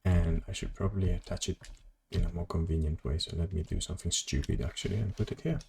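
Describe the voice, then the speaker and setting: Deep mellow guy streaming a game, rambly and chatty, cusses when stuff breaks. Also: steady tone, quick pace, gravelly, a little hiss or hum. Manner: rambling, chatty, talks to chat and swears at the game. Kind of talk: casual gameplay commentary.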